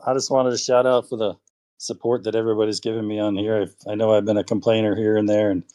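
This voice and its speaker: A man calling in to a show, chatting casually and rambling with warm thanks. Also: fairly low pitch, level tone, fast talker. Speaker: caller. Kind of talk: casual call-in chat.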